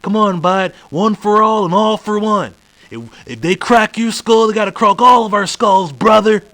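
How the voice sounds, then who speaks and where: A man's voice: sits high, normal speed, bright, forceful tone, voice pushed up. A man voicing an overeager male ally who makes chummy, rallying promises of loyalty. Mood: falsely chummy. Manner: buddy-buddy, pleading, rallying.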